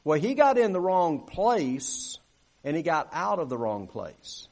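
A man's voice: fairly high pitch, sing-song, measured pace, darkish tone. A man preaching a sermon in a church, talking conversationally, asking for amens and acting out quoted grumbling. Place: church sanctuary.

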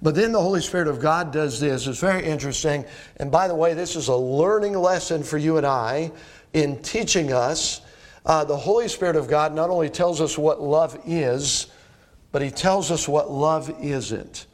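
A man's voice: fairly high pitch, moderate pace. A middle-aged man preaching a sermon as pastor, talking straight to his congregation in a folksy way with rhetorical questions.

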